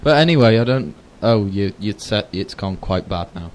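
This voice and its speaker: A man's voice: fairly low pitch, lively intonation, normal speed. A teenage man from England co-hosting a casual podcast chat, joking and teasing his friend. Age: teens. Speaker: podcast co-host. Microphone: headphones with wired mic.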